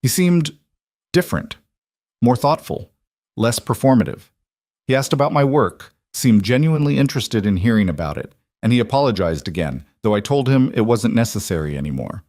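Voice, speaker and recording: A man voicing a composed, reflective woman in a narrated story, speaking in a calm, measured way. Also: mid-range voice, no echo, clean studio sound, close to an everyday voice. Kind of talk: audiobook narration.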